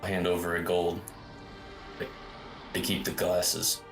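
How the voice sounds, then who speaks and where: A man playing a tabletop game, terse and deadpan. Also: deep voice, slow, over music. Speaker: player. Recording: echoey room.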